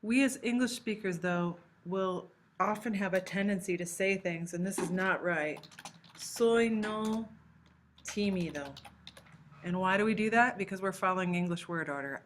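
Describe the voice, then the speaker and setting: A woman teaching a recorded language lesson, explaining patiently step by step and slowing down to model example phrases. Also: fairly low pitch, fairly bright tone, a little hiss or hum. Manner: slows down to model Spanish phrases. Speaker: Spanish teacher.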